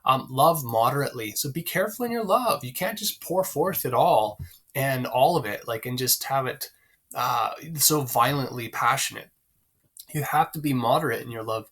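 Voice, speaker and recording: Bright-voiced male teacher explaining a play. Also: mid-range voice, lively intonation, husky. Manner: conversational, many fillers, pauses to find lines. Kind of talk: explaining a play to students, casual.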